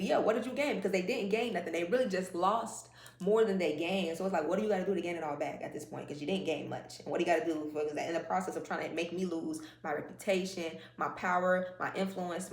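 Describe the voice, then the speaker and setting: A woman giving a casual spiritual oracle card reading in a rambling, conversational way, with many fillers and asides. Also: mid-range voice. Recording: echoey room, faint noise.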